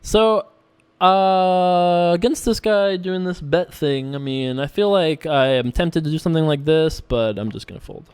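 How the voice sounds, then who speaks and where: A man's voice: on the high side, unhurried, darkish tone, smooth. A man casually commentating his own online poker session, joking and laughing often. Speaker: poker streamer.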